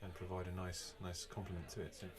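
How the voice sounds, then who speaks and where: Brief: middle-aged podcast host, low-pitched, easygoing and chatty. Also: male voice, quick pace. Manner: relaxed, chatty, with frequent fillers. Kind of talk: casual podcast chat.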